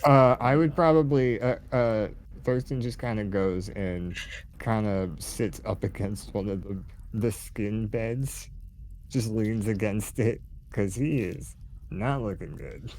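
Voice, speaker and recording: A man's voice: fairly low pitch, slow pace, darkish tone, a little hiss or hum. A man playing a tabletop game, talking casually and hesitantly with playful asides. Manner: hesitant, filler-heavy, playful. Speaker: player.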